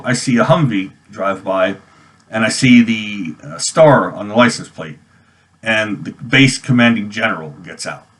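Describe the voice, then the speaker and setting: A man's voice: mid-range voice, a bit bright. A man in his forties from New York, telling a personal army memory in a casual, rambling way full of restarts and fillers. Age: 40s. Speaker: army veteran vlogger. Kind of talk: personal storytelling vlog.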